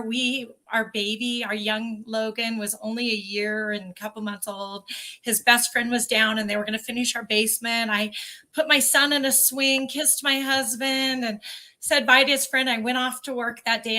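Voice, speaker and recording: A woman's voice: on the high side, sharp tone. A woman in her forties, a podcast guest telling an emotional personal story earnestly, with many fillers.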